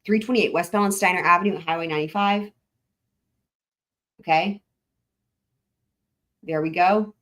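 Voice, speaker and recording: A woman's voice: on the low side, a little slow, pauses often, fairly bright tone. Rambling, swearing woman livestreamer. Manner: rambling, profane, thinking aloud with frequent "like" and restarts. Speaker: livestream host. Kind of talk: casual live commentary over maps.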